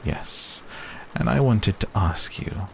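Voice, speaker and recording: A man voicing a gentle, simple male teddy bear who speaks slowly and earnestly. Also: lowish voice, animated, creaky, slight background noise, voice pushed up, full character voice.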